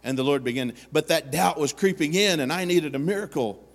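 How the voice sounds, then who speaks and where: A man's voice: a little high, brisk. A man preaching a sermon as pastor, speaking in an earnest storytelling manner and acting out the voices he quotes. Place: church sanctuary. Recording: long hall reverb.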